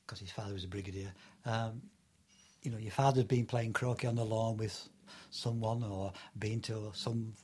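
Older man with a husky voice. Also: fairly low pitch, steady tone, moderate pace, darkish tone. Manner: rambling, many fillers, laughing anecdotes. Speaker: interviewee recalling Antarctic fieldwork. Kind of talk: oral history interview.

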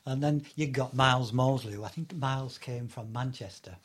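A man's voice: mid-range voice, moderate pace. An older man from England telling anecdotes in an oral history interview, rambling with many fillers and bursts of laughter. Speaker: interviewee recalling Antarctic fieldwork.

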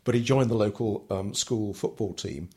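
A man's voice: lowish voice, normal speed, warm tone, breathy edge. An older man telling his story in an interview, talking hesitantly with many ums and restarts. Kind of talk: relaxed oral history interview.

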